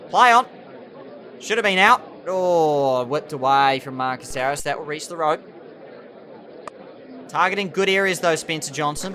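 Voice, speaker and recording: A young man giving excitable, animated play-by-play commentary over a cricket management game. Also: a little high, a little hiss or hum. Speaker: gaming channel host.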